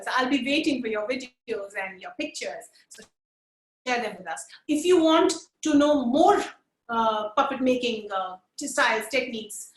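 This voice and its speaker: In a slightly high, somewhat bright voice, a puppetry trainer with an Indian accent gives a webinar lesson, mixing Hindi into English mid-sentence. She encourages listeners to attempt voices with her and laughs in bursts while demonstrating. Expect poor audio and an echoey room.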